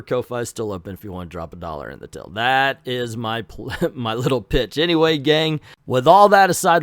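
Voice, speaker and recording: A man hosting a casual comic book reading, animated and joking, with frequent laughter and incredulous asides. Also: mid-range voice, no room sound. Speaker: comic book video host.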